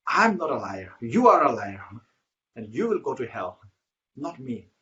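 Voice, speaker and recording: A man voicing a proud hermit quick to anger. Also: fairly low pitch, natural voice. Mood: indignant. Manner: defensive, indignant. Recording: muffled lo-fi recording.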